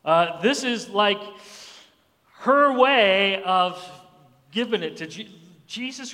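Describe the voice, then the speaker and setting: High-voiced pastor preaching in a reverberant hall. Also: male voice, animated, takes it slowly, sharp tone. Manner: acts out Bible voices with sudden pitch jumps. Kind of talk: sermon.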